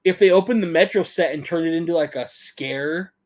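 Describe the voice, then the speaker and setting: A man's voice: a little high, a little fast, darkish tone. A man co-hosting a casual live-stream chat, laid-back and slangy. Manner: laid-back, says "dude" and "dope". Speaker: podcast co-host.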